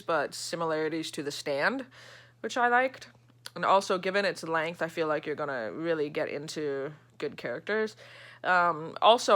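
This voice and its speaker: A woman talking about her reading in a relaxed vlog ramble. Her voice sits on the low side but sounds bright and forward. She laughs easily and drops in the odd casual swear. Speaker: book vlogger.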